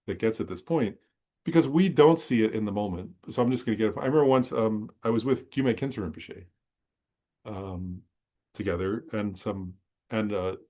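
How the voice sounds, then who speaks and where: A male Buddhist teacher speaking at an ordinary middle pitch, talking to his students in an informal, unscripted way. He wanders through a personal story with restarts and asides. He keeps asking whether they follow. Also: a little mellow. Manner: conversational, rambling, checks understanding with listeners. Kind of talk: dharma talk with personal storytelling.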